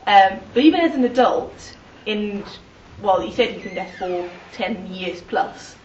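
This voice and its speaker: A woman's voice: medium pitch, lively intonation, a little slow, a little hiss or hum. A woman in the audience asking a hesitant question, with many fillers. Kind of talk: question from the floor. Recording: roomy, distant, lo-fi hall audio.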